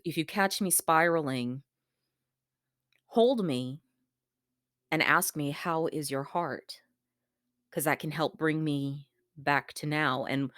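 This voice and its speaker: Vlogger, woman, low pitch, earnest and halting, dry close recording. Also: no room sound. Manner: earnest, gentle, halting with fillers and repeats. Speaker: vlogger sharing a coping tip. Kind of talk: candid personal talk to camera.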